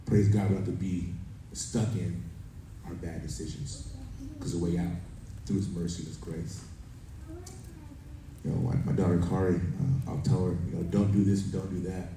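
Man, pastor, sermon, dark mellow voice, very echoey room, faint noise. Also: deep voice, flat delivery, moderate pace, long pauses. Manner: conversational preaching with stories and scripture reading. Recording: roomy echo from a distance, faint background noise.

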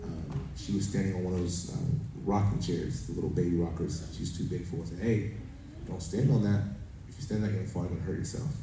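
A man's voice: deep voice, level tone, very fast, few pauses. A man preaching a sermon, telling a family story and reading scripture in a conversational way. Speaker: pastor. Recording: roomy echo from a distance, faint background noise.

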